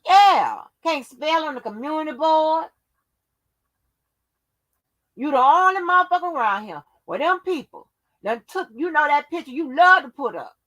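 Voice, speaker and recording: A woman's voice: high voice, sing-song, normal speed, pauses often, a bit bright. A woman hosting her own channel, delivering a profane, confrontational rant that scolds her viewers. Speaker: channel host.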